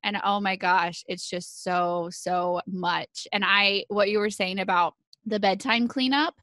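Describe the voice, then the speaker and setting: A woman in her thirties hosts a casual podcast conversation. She tells her stories animatedly and laughs often, in a middle pitch. Her voice sounds close and dry, with no room echo. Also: fairly even intonation, measured pace, fairly bright tone. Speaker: podcast host.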